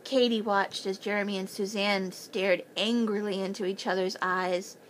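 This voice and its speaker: A woman's voice: mid-range voice, fairly even intonation, normal speed, slight background noise, low-quality recording. A woman reading a children's chapter book aloud as a bedtime story, lifting her voice for the children's lines.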